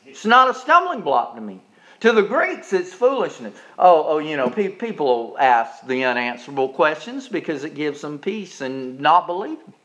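A male pastor preaching a sermon, swinging from soft, low passages up to loud, high-pitched climaxes. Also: very animated, moderate pace. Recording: dull lo-fi recording.

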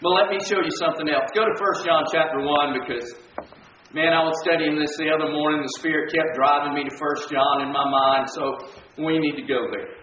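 A man's voice: fairly even intonation, a little fast, fairly bright tone, muffled recording, a little hiss or hum. A man preaching a sermon, emphatic, often repeating his points and asking "all right?" to his listeners. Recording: echoey distant low-fi room recording.

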